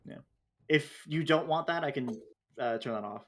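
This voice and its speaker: A man's voice: on the high side, normal speed, a bit bright. Rambling man running a game. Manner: loose, rambling with many fillers and restarts. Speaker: game master. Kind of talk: running a tabletop game session.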